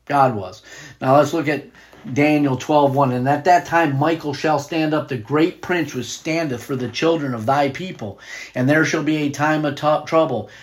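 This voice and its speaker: A man's voice: on the high side, normal speed. A man teaching a Bible study in a casual, conversational way, reading scripture and wandering off on tangents.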